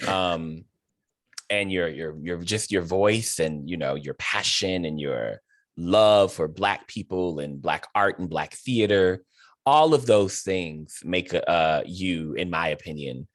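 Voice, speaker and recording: A man's voice: sits low, takes it slowly, no echo, studio quality. A man hosting a video-call interview, talking in an effusive, emotional way with many fillers and restarts. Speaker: host.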